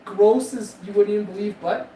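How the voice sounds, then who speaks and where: A man's voice: high voice, steady tone, normal speed. A man in his forties streaming live, telling a rambling, boastful, profane story and laughing at his own jokes. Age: 40s. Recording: echoey room, distant mic, loud background noise.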